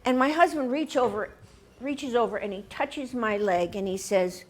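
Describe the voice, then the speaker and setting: Animated high-voiced woman telling a story. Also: moderate pace. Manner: animated, acts out quoted voices, laughs often. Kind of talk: personal storytelling on stage. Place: stage before a live audience.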